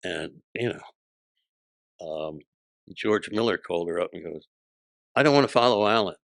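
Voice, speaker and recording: Gravelly low-ish voiced guy in his 60s spinning comedy road stories, dry close sound, cusses a lot, does little voices for people. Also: lively intonation, dry recording. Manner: swaps into quick character voices when quoting people; profane punchy delivery. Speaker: stand-up comedian guest. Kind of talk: casual storytelling chat.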